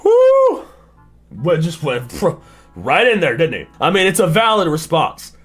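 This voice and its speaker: A man's voice: a little high, big pitch swings, moderate pace, a bit bright, breathy edge, soft background music. A young man streaming a reaction, swearing and exclaiming in disbelief as casual commentary. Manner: incredulous, profane, exclaiming.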